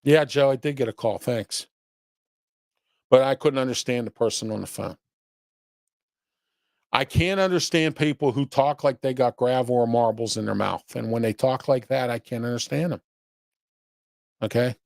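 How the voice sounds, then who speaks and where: Hosting his own local commentary show, a man reads viewer chat and offers opinions, scolding listeners bluntly with rhetorical questions, repeated "okay?", and plenty of rambling. His medium-pitched voice is creaky and a little mellow, at a normal pace with frequent pauses. The studio sound is clean and free of echo.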